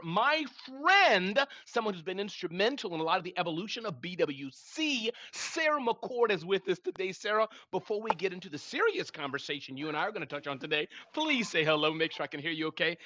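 High, bright-voiced energetic man hosting. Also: no echo, highs cut off. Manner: energetic, hyped-up. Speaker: host. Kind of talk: live audio room hosting.

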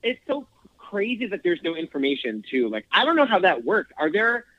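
A man's voice: high voice, sing-song, normal speed, no room sound, highs cut off. A man from Boston in a casual chat who rambles and fills his talk with "like". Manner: rambling, hedging with "like".

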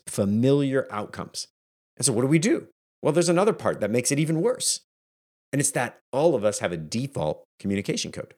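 A man with a fairly low voice hosting his own podcast. He talks with energy and in a casual, conversational way. He coaches his listeners like a leadership mentor. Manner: energetic and conversational, acting out quoted family moments. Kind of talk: solo podcast talk.

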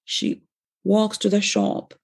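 Gravelly Ugandan woman telling her testimony. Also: mid-range voice, animated, takes it slowly, darkish tone. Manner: earnest storytelling, acts out quoted dialogue. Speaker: speaker giving a personal testimony. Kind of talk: personal testimony.

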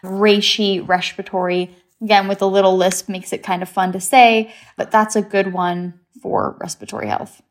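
A woman's voice: medium pitch, fairly even intonation, normal speed, a little hiss or hum. An English-born woman, a guest expert, explaining things in an upbeat, chatty way with simple memory tricks. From England. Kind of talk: casual chat.

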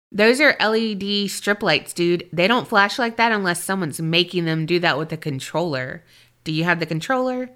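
A woman podcast co-host reading a listener's paranormal story aloud and chatting, expressive and jokey. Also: mid-range voice.

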